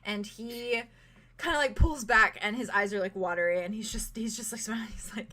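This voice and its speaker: A woman narrating as game master of a tabletop game in an animated, chatty way, full of fillers. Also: mid-range voice, a little fast.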